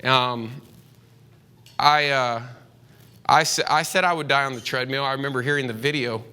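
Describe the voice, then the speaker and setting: A man's voice: medium pitch, fairly even intonation, normal speed, pushed and bright, smooth. A man giving a casual talk to a room of real estate agents, rambling with many fillers and restarts, candid and chatty. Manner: chatty and candid, slips into slang.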